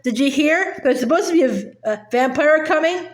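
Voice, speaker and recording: A woman's voice: high-pitched, animated, fairly quick. A woman reading aloud as a blunt teenage boy. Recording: roomy echo.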